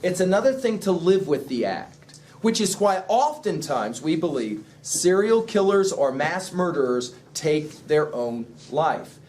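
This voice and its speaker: A man's voice: a little high, unhurried, hardly any pauses. A man teaching a literature class, lecturing and throwing questions at his students. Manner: asks the class questions, lively explaining. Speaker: English teacher.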